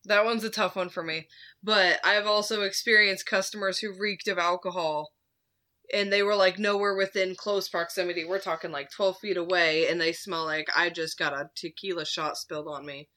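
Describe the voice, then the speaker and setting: A woman's voice: fairly low pitch, steady tone, normal speed, pushed and bright. A woman host casually telling a story from her retail job, laid-back, swearing freely and laughing at her own tale.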